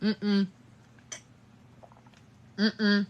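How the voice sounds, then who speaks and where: Young woman livestreaming, trembling and in pain, high bright voice, very slow delivery. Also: sing-song. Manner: laughing through pain, swearing, shaky. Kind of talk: casual livestream chat.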